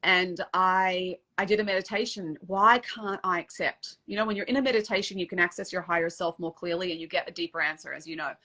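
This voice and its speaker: A middle-aged woman, a dating coach, telling a personal story in a casual interview, animated and emotional, acting out the quotes. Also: on the low side, a little fast, few pauses.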